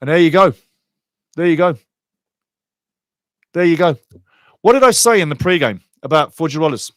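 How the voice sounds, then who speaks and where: A man hosting a soccer show, giving blunt, excitable live commentary on a penalty shootout. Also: high-pitched, no room sound, studio quality. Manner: excitable, blunt, swings from laughing to outraged shouting. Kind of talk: live watch-along commentary.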